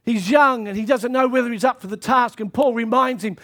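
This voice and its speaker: A man preaching a sermon to his church, reading scripture and pushing into shouted calls to action. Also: very high-pitched, fairly quick, few pauses. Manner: impassioned preaching that swells into shouted exhortations.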